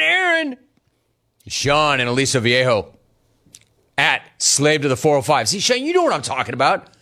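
A middle-aged man hosting a talk show, reading listener gripes aloud and teasing callers. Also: fairly high pitch. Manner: teasing, animated, mock-outraged. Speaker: radio talk show host. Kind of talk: reading listener messages on live radio.

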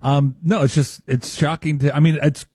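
A man co-hosting a casual talk show, making wry, amused remarks and quick quips. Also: fairly high pitch, fairly even intonation, dark tone, husky, dry recording, clean studio sound. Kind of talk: casual chat.

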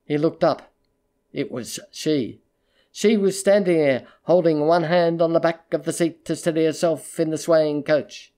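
A narrator reading a literary short story aloud in a measured, steady storytelling manner. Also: mid-range voice.

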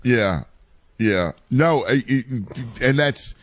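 A man's voice: medium pitch, animated, extremely slow. A man, a youth baseball coach and father, talking casually and explaining game strategy with many restarts. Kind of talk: casual chat.

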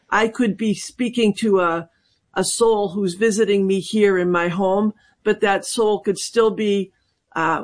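With a medium-pitched voice, a woman medium guests on a call-in radio show. She talks in a careful, hesitant manner, often restarting and using lots of fillers.

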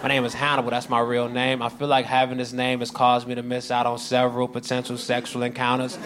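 A man performing a deadpan stand-up comedy set with a dry delivery. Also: medium pitch, quick pace. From United States. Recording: live club recording with crowd noise.

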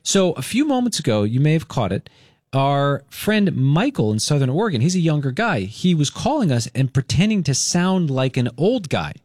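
A man hosting a morning radio show, chatting excitedly with a caller in the studio. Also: fairly high pitch, normal speed, dry recording.

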